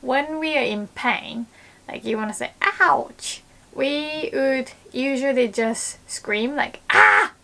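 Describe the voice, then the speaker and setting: A young woman with a Japanese accent gives a casual video lesson, her voice sitting a little high for a woman. She talks in an animated way and acts out small panicked exclamations as she goes. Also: takes it slowly, vocal fry. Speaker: Japanese language teacher.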